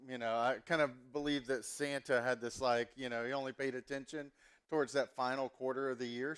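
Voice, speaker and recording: A man's voice: mid-range voice, fairly bright tone, clean tone. A pastor in his forties from the Southern US, preaching a sermon in a casual, chatty, self-mocking way with plenty of ums. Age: 40s.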